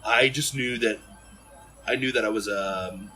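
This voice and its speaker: A man from Ohio telling stories as a podcast guest in an animated, rambling way full of fillers and restarts. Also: on the low side, moderate pace, soft background music, rough recording. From Ohio, USA. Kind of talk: casual storytelling in an interview.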